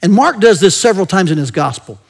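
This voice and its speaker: A man with a high voice delivers a conversational sermon. He keeps drawing the listeners in with rhetorical questions and often lets the ends of his phrases fall into a soft murmur. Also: big pitch swings, quick pace, breathy edge. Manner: drops to a soft murmur at the end of many phrases. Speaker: preacher.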